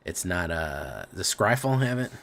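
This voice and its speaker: A man's voice: low-pitched, very animated, unhurried, creaky, fairly bright tone. A man streaming live, chatting casually with viewers, rambling and swearing freely.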